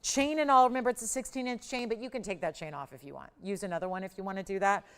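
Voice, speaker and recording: A middle-aged woman with a smooth, clear voice pitches products as a live shopping channel host. She talks in emphatic, enthusiastic sales patter and leans hard on certain words. She is in a studio on a lapel mic. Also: very fast.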